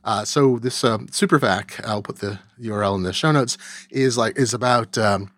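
A man's voice: fairly low pitch, normal speed, a bit bright, no room sound. A man in his forties hosting a podcast, talking conversationally with frequent "uh" and "um". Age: 40s. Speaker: podcast host. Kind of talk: casual chat.

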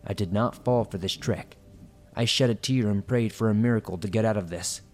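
A man's voice: on the low side, fairly quick, darkish tone. A man reading listener horror stories aloud in a suspenseful storytelling manner.

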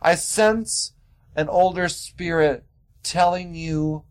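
A man putting on the voice of a mock-mystical TV medium, drawn-out and hushed. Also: on the high side, clean tone, voice pushed up. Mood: mock solemn. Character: mock-mystical male TV medium, slow and solemn.

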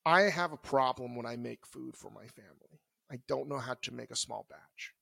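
A man in his forties co-hosts a podcast, rambling freely about food in casual chat. His voice sits at an ordinary pitch and sounds dry and close, with no room around it. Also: moderate pace, vocal fry, fairly bright tone, no room sound. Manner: rambling, loose and conversational. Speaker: podcast co-host.

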